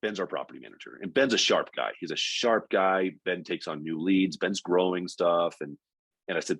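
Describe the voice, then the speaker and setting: A man's voice: deep voice, moderate pace, a bit bright, no echo. A man giving a motivational business talk, telling stories and acting out the people he quotes. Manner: storytelling, acts out quoted callers. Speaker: speaker at a business session.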